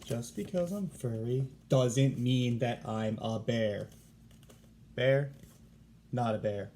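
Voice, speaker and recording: Brief: man doing a huffy storybook koala, slightly raised pitch, gravelly edge, punchy emphasis. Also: slow pace, warm tone, a little hiss or hum. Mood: indignant. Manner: emphatic, stresses exclamations. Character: indignant male koala, fed up with being called a bear.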